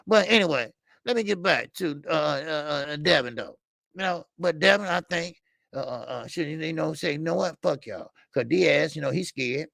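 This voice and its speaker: Older male boxing host, gravelly, high-pitched, blunt and profane, rambling, dry close sound. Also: moderate pace, fairly bright tone, no room sound. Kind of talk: casual live-stream commentary.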